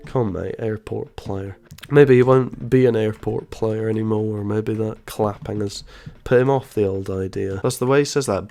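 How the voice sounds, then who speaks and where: A man's voice: fairly low pitch, steady tone, normal speed, creaky, mellow. A man commentating over an online game, sarcastic and mocking, calling people "mate". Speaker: gaming YouTuber. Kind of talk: gameplay commentary and trash talk.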